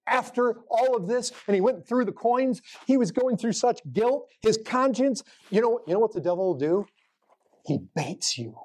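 A man preaching a sermon, full of rhetorical questions and swinging between raised, urgent lines and low, hushed ones.

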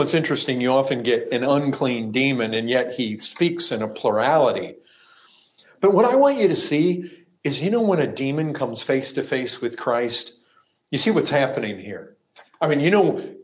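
A man preaching a sermon, emphatic, moving from raised, ringing lines to quiet, hushed asides. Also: mid-range voice, very animated, normal speed. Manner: emphatic, swings between loud cries and hushed asides.

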